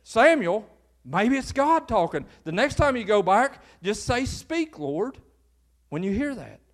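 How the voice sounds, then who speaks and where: A gruff old priest in a folksy sermon retelling, brushing off a boy who keeps waking him, as a Kentucky pastor puts him on. He talks with a homey country twang and a high-set voice. The voice stays close to the preacher's own. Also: big pitch swings, measured pace, exaggerated voice. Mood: advising. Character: old priest Eli, gruff and dismissive, a man.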